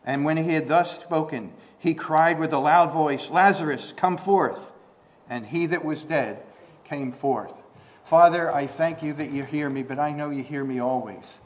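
A man preaches in a conversational way at normal speed with fairly even intonation. He asks rhetorical questions and restarts frequently, though his voice rises in pitch and volume for scripture quotes.

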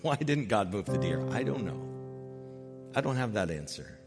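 A man preaching a sermon as pastor, earnest, rising loud on key points and dropping soft and slow when moved. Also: on the low side, very animated. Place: church sanctuary. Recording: long hall reverb with faint music.

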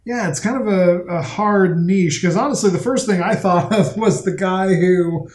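Chatty, high-voiced man in an echoey room. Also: moderate pace, a little mellow. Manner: chatty, profane, rambling. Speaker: podcast co-host. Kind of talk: casual chat.

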